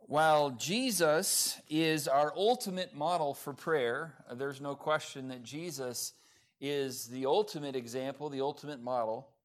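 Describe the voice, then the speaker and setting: A man's voice: a little high, measured pace. A man preaching a sermon at a church service, talking in a conversational way with many fillers and restarts. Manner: conversational, many fillers, self-described sarcastic. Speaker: pastor. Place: church in Oklahoma.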